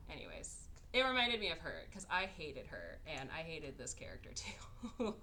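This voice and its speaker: A woman's voice: low voice, wildly swooping pitch, normal speed, bright, forceful tone, slight background noise. A woman podcast host in casual chat, sarcastically recapping a movie and acting out its characters in exaggerated voices.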